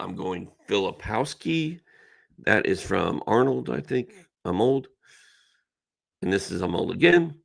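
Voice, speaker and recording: This middle-aged fantasy basketball analyst hosts a casual live-stream Q&A, reading viewers' questions aloud before giving blunt, emphatic advice. His voice is low-pitched and creaky, with a bit of brightness.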